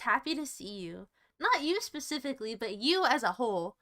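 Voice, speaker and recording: A woman's voice: fairly high pitch, sing-song, normal speed, bright, forceful tone. A young woman livestreaming, chatting with viewers in a silly, rambling, self-mocking way that jumps from topic to topic. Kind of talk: rambling live-stream chat with viewers.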